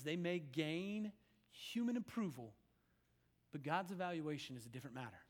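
High-voiced pastor preaching in a reverberant hall. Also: male voice. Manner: conversational preaching, swings from loud to hushed. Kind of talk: sermon. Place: church sanctuary.

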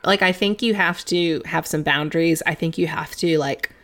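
A woman's voice: low voice, moderate pace, a bit bright. A young woman co-hosting a podcast, chatting casually with many fillers, swearing and laughing often. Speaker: podcast co-host. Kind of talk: casual political chat.

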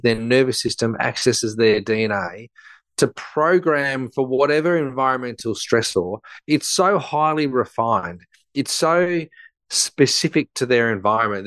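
A man in his fifties, a guest expert on a podcast, easygoing and quick to laugh as he explains through anecdotes. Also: mid-range voice, fairly bright tone, dry recording. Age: 50s. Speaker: gut health expert guest. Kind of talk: casual conversational interview.

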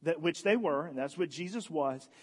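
Young man, high voice, casual joking sermon, acts out quotes. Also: normal speed, husky. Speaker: guest speaker.

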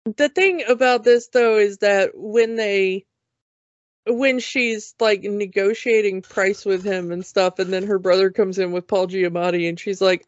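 Slow-talking chatty woman. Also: medium pitch, fairly even intonation, no room sound. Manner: chatty, laughs often, acts out quotes in silly voices. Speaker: podcast co-host. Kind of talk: casual movie review chat. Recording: dull lo-fi dry sound.

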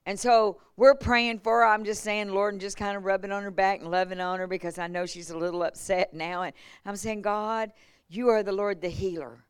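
Brisk and medium-pitched with a clean tone, a woman revival preacher tells healing stories in a church sermon. Her storytelling is animated, with laughs and quotes acted out, recorded dry at studio quality.

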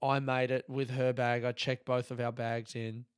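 A man's voice: medium pitch, moderate pace, clean tone, no room sound, clean studio sound. Young man telling a sweary comic story. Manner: animated, swears often, acts out other people's lines. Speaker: podcast host. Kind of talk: comedic storytelling.

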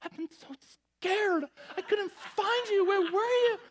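A man's voice: extremely high pitch, takes it slowly, slight background noise, voice pushed up. A man voicing a frantic mother who has been searching everywhere for her lost son, pleading in a strained way.

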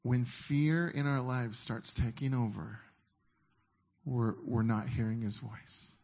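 A man giving a sermon in a conversational way, reading scripture slowly and emphatically between halting, informal asides. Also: medium pitch, fairly even intonation, vocal fry, darkish tone. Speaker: pastor.

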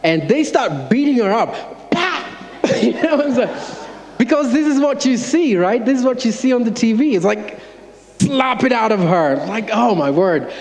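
A man, an associate pastor, preaching by telling an animated, self-mocking story to his congregation. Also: extremely high pitch, normal speed. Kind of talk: sermon storytelling. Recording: long church-hall reverb.

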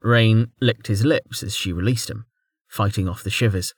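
A man narrating a fantasy audiobook with expressive storytelling. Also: fairly low pitch, moderate pace, no echo, studio quality. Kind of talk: scripted narration.

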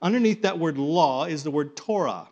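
A man teaching a Bible study class to a live group, animated, often repeating and restarting his words and coaxing the group to join in. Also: on the high side, normal speed, dull audio.

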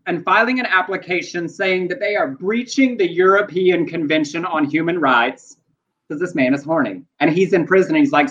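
A man's voice: fairly high pitch, a bit bright. Campy man on a dull, lo-fi line. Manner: campy, playful, quick asides. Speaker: podcast co-host. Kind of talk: casual news chat. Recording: dull lo-fi sound.

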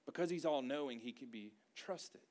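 A man's voice: mid-range voice, normal speed, a little mellow. A man preaching a sermon to a congregation in a church, with a conversational style and emphatic repeated phrases. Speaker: pastor.

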